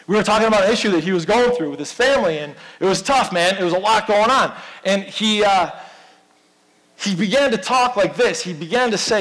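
A man's voice: high voice, a bit bright, big-room sound, poor audio. A man preaching a sermon as pastor, in a conversational, storytelling manner.

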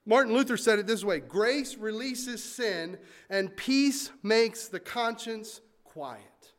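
A man preaching a sermon, swinging from loud emphatic points to quiet asides and acting out listeners' complaints in mock voices. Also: high-pitched, lively intonation, takes it slowly. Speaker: pastor.

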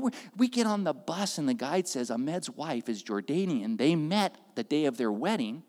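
A man preaching, telling a story with lively delivery and acted-out voices that swing from loud to hushed. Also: a little high, normal speed, hardly any pauses, long reverb tail. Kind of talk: sermon storytelling.

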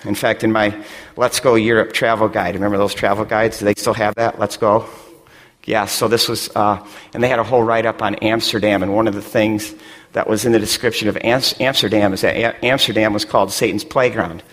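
A middle-aged man from West Michigan preaching a sermon with passion, his voice swelling toward near shouts. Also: lowish voice, flat delivery, a little fast, in a large hall. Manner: impassioned, rising to near shouts. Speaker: pastor.

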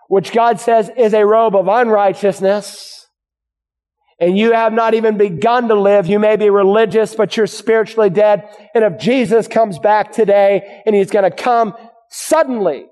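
A man with a high voice preaches a sermon from the pulpit, pressing his points with rhetorical questions. His voice rings out with a long hall reverb. At times he sinks into a hushed prayer. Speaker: pastor.

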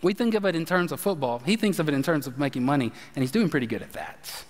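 A man's voice: a little high, fast. A man preaching a sermon, emphatic and speaking straight to his listeners as a pastor. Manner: animated, emphatic preaching with direct address. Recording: reverberant hall.

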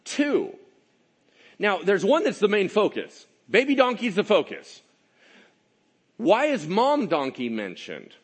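A man preaches in a relaxed, conversational way, checking in with his listeners as he goes. His voice sits fairly high for a man and swings widely up and down. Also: slow, pauses often, breathy edge. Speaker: pastor. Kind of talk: sermon.

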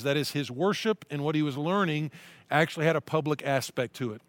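A man's voice: fairly high pitch, brisk, dry recording. A middle-aged male pastor preaching a sermon, reading scripture aloud with earnest emphasis.

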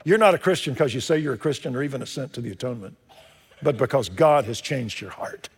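A man preaching a sermon as pastor, swinging between loud emphatic lines and hushed storytelling. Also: mid-range voice, fast, gravelly, slight background noise. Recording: long hall reverb.

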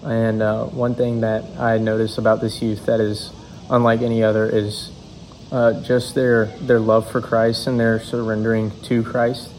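A young man giving a halting church testimony, full of fillers and restarts. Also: lowish voice, little pitch movement, darkish tone, slight background noise, low-quality recording. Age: young adult. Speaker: youth speaker.

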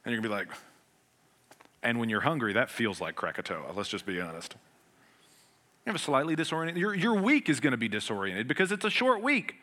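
A pastor preaches a sermon in an earnest, conversational manner with everyday humor, moving between loud, emphatic passages and hushed ones. His medium-pitched voice is sing-song and brisk, broken by long pauses.

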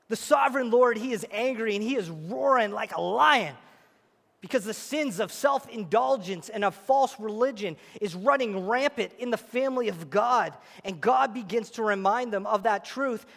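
A pastor preaching a sermon in a church, animated and acting out the voices of scripture. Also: male voice, high voice, moderate pace, gravelly. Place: church auditorium. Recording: echoey hall.

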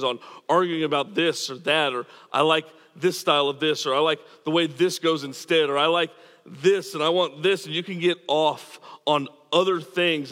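Earnest preaching pastor in a reverberant hall. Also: male voice, on the high side, a bit bright. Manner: earnest, emphatic preaching with repetitions. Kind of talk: sermon. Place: church.

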